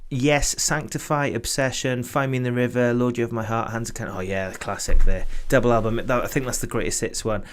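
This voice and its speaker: A man's voice: medium pitch, fairly even intonation, brisk, hardly any pauses. Chatty British man hosting a livestream. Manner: chatty, reads out viewer comments, laughs often. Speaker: host. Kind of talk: casual chat on a livestream. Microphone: video call.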